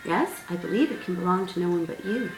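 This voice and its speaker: A woman's voice: lowish voice, a little fast, lightly acted. A woman voicing a small, wise male caterpillar who talks patiently, with mild exasperation. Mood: lecturing. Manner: patient, lecturing, mildly exasperated. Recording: roomy sound, distant mic, faint music.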